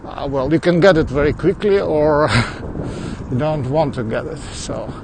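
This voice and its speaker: A man's voice: on the high side, lively intonation, unhurried, gravelly. Chatty foreign-accented man on a street walk. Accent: mixed foreign accent in English. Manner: chatty, answers viewers as he goes, with small laughs and restarts. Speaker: livestreamer. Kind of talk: casual walking livestream chat. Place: outdoors on suburban streets. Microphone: phone carried while walking. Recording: outdoor street noise with passing traffic.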